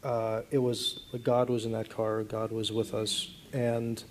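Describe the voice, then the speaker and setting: A man in his thirties, a guest in an on-stage conference interview, telling a personal story earnestly and haltingly, with many restarts. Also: on the low side, completely flat delivery, slight background noise.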